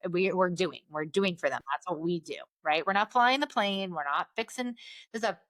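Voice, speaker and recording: A woman physician telling stories in an interview, animated and peppering her talk with "like" and "right?". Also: fairly low pitch, normal speed, dry recording, studio quality. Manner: animated, fills speech with "like" and "right?". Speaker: guest, Navy physician. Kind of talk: conversational interview storytelling.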